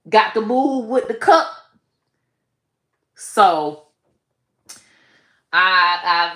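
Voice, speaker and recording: Slow-talking bright-voiced woman, blunt profane rant. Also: mid-range voice. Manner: blunt, profane, animated, trails off and restarts. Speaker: online comedian and commentator. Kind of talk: casual profane rant to camera. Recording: echoey room.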